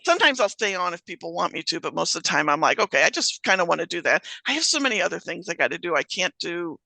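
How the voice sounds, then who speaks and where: A woman's voice: fairly low pitch, big pitch swings, quick pace, vocal fry, sharp tone, no echo, low-quality recording. A woman hosting her podcast in casual chat, rambling and often restarting her sentences. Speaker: podcast host.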